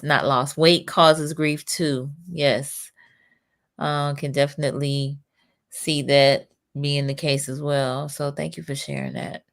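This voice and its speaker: A woman's voice: sits low, creaky. A middle-aged woman hosting a talk show, reading out viewer comments and responding with empathy. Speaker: host. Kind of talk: casual talk show conversation.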